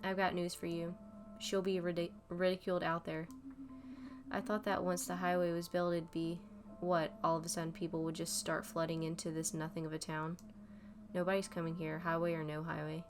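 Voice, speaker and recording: A woman's voice: fairly low pitch, level tone, brisk, music in the background, natural voice. A woman voicing a spiteful teenage girl who talks in a sarcastic, sneering way.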